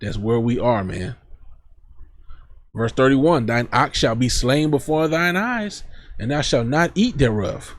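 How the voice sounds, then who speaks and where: A man's voice: mid-range voice, lively intonation, a little slow. A man teaching from scripture, reading verses aloud and then explaining them in casual, blunt street talk. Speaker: preacher.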